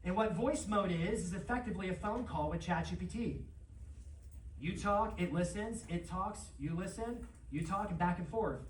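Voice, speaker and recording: An energetic conference presenter talks through a live seminar, turning to the crowd again and again. The voice comes from far off in a large, echoey room, with faint ambience underneath. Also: medium pitch, a little hiss or hum. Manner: energetic, animated, quick to address the crowd. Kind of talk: live seminar talk with audience interaction.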